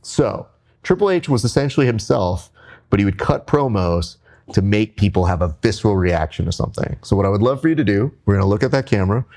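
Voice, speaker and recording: A man who works as a speech coach, hosting and giving instructions in an animated chat. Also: on the low side, quick pace.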